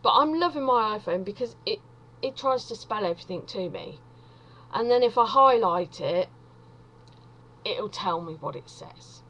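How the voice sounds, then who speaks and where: A woman's voice: medium pitch, lively intonation, moderate pace, fairly bright tone, highs cut off. A woman from England doing a rambling, self-deprecating stand-up monologue full of wandering asides.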